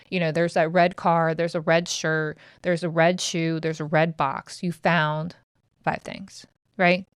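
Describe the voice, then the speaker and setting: A woman in her thirties hosts her podcast, talking in a chatty, blunt way with plenty of casual swearing. Her voice sits low and close to the mic. The room sound is dry, with no echo. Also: little pitch movement, unhurried, clear, resonant tone. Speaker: podcast host. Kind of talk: casual self-help monologue.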